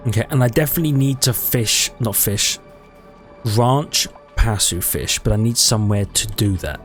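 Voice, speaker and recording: A man's voice: lowish voice, normal speed, faint music behind. A man giving casual let's-play commentary, thinking aloud in a chatty way and correcting himself as he goes. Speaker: gaming YouTuber.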